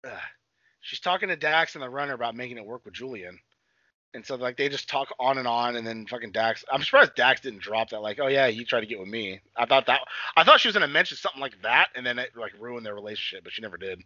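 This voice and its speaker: A young man talking fast in loose, profane podcast chat, recapping and putting on quick voices for characters. His voice sounds bright and forceful, dry and close, with a dull, lo-fi quality. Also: mid-range voice, lively intonation, no room sound. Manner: rambling, swears freely, acts out characters in quick voices. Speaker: podcast co-host.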